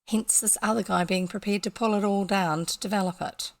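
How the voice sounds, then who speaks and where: A woman's voice: mid-range voice, fairly even intonation, brisk. A woman from New Zealand with a New Zealand accent, reading a classic children's book aloud and stopping often for chatty, self-correcting asides to her listeners. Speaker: audiobook reader. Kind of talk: casual audiobook reading with asides.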